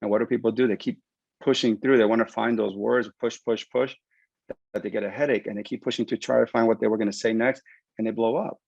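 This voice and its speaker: A man working as a concussion rehab clinician, giving an animated explanatory webinar talk over a video call. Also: on the low side, fast talker, gravelly, no echo. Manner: animated, explanatory, acts out patient quotes. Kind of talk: webinar presentation. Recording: dull lo-fi dry webinar audio.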